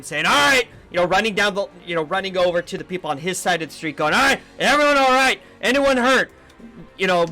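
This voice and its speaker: Male GM, high bright voice, casual rambling narration, faint music bed. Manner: relaxed, filler-heavy narration. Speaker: game master. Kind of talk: narrating a tabletop game.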